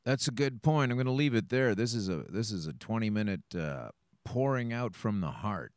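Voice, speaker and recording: Lively, blunt male podcast host. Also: lowish voice, moderate pace, dry recording, clean studio sound. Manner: blunt, opinionated, sweary. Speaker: show host. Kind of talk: casual podcast commentary.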